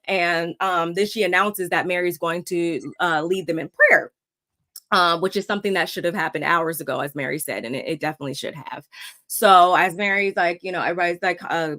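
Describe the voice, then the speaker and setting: A woman's voice: lowish voice, a little fast. A woman casually recapping a reality TV episode, acting out the cast's lines as she goes. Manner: animated, acts out quotes. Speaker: recap show co-host.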